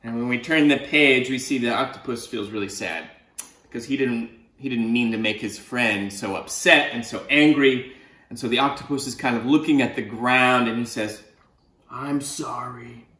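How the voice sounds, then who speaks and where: A man reading his own children's picture book aloud, animated and playful, giving the characters big voices. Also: medium pitch, normal speed, echoey room. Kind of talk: storybook read-aloud. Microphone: video call.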